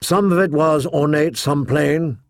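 Gravelly male audiobook narrator. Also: a little high, measured pace, no room sound, clean studio sound. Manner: steady storytelling. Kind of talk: scripted narration.

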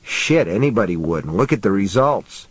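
A man voicing a tough, weary middle-aged lawman who talks gruff and blunt. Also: on the low side, animated, normal speed. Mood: musing.

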